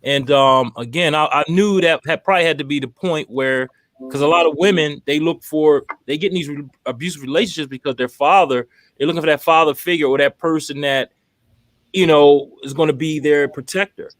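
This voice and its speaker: A man co-hosting a casual talk show, offering relaxed advice and greeting viewers by name as he reads their comments. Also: a little high, brisk, no echo. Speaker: co-host reading viewer comments.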